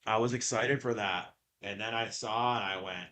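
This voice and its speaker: A man's voice: lowish voice, steady tone, normal speed, few pauses, pushed and bright. A man hosting a podcast in casual chat, rambling and often stammering over repeated words. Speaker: podcast host.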